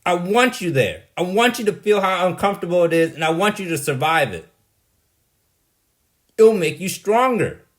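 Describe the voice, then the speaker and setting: A man's voice: sits high, animated, normal speed, a bit bright. A man delivering a rambling, blunt monologue, dismissive and exasperated, often tagging "right?" onto his points. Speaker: vlogger.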